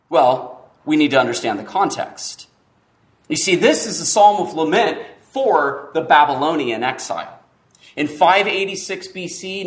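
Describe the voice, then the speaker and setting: A man preaching a sermon, with emphatic pauses and frequent restarts. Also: a little high. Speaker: pastor.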